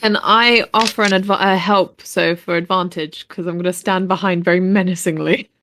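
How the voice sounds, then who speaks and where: A woman playing a tabletop game, talking relaxed and matter-of-fact. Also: fairly low pitch, normal speed, dry recording, studio quality. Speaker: player. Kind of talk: casual tabletop game chat.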